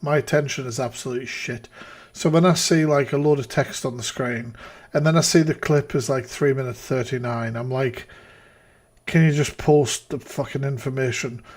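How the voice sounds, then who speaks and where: Brief: man, mid-pitched, casual live-stream host, exasperated and sweary, close desk mic. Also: fairly even intonation, normal speed, darkish tone. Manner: exasperated, profane ranting.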